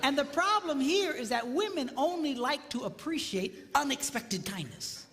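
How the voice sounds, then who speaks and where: Animated middle-aged man on stage. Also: very high-pitched, moderate pace. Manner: animated, acts out voices and sounds mid-story. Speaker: marriage seminar speaker. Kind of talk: comedic stage talk. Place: large hall before a live audience. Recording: reverberant live hall, faint noise.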